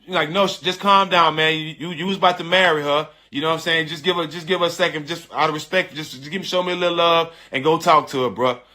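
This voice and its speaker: A middle-aged man telling a personal story in casual, slangy speech, animated and emphatic, often repeating his phrases. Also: on the high side, fast, hardly any pauses. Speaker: storyteller on a live stream.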